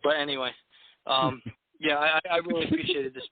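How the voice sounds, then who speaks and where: Halting man hosting over a tinny line. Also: on the high side, very animated, gravelly, no room sound. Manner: halting, with many repeated words and fillers. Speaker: host. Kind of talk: casual chat.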